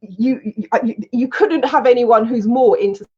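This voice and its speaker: A woman in her forties, a coach from the United Kingdom, telling her story to an online audience in an animated, emphatic way from a room at home. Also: fairly high pitch, normal speed. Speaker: coach and soul plan reader. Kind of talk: casual talk to an online audience. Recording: slightly dull, lo-fi audio.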